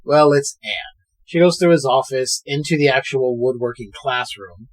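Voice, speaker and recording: A man's voice: mid-range voice, normal speed. A man co-hosting a podcast, casually retelling a movie scene by scene and swearing freely. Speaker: podcast co-host. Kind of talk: casual movie recap chat.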